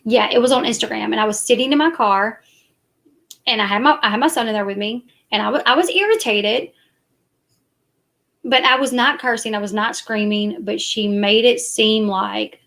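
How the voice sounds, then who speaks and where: Woman, rambling live-stream chat, gravelly, a bit high. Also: normal speed, fairly bright tone. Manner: chatty, rambling, defensive. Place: parked car at night.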